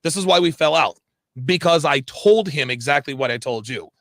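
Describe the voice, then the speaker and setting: Animated high-pitched man recounting a heated argument. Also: normal speed, no echo, studio quality. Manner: animated, repetitive restarts, profane. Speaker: online commentator.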